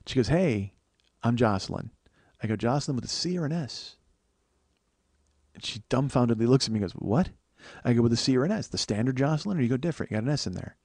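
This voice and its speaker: A man in his forties hosting a comedy podcast, telling stories in an animated, profane, ranting way. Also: medium pitch, gravelly, dry recording. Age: 40s. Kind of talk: comic storytelling monologue.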